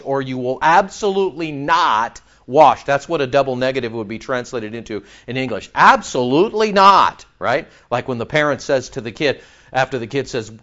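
Animated preacher, man, lo-fi recording. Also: medium pitch. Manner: animated, conversational, jokes with the congregation. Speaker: pastor. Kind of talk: expository sermon.

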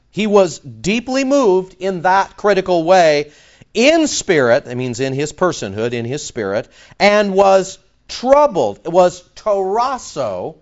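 Guy preaching slow and emphatic, voice jumps all over, kinda muffled lo-fi sound. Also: high voice. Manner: emphatic, swings between loud stress and soft asides. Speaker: pastor. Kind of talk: sermon.

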